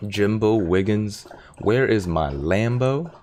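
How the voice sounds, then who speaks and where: A man with a very deep, gravelly voice hosts a casual livestream from his home desk. He chats loosely, reads viewer comments aloud and breaks off now and then to talk to his dog. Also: moderate pace, a little mellow, a little hiss or hum. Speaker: stock market livestream host. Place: home desk in Silicon Valley.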